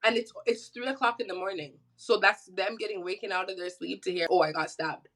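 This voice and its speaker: A woman from Canada with a Toronto accent, a podcast guest telling a story casually, animated and swearing freely. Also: medium pitch, brisk, over a noisy crowd, low-quality recording. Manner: animated, swears freely, acts out quoted voices.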